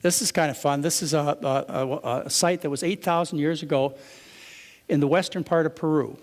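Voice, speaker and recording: A man's voice: on the high side, steady tone, normal speed. Man lecturing in a reverberant hall. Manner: conversational, poses rhetorical questions to the audience. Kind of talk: lecture to a live audience. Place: lecture room with an audience.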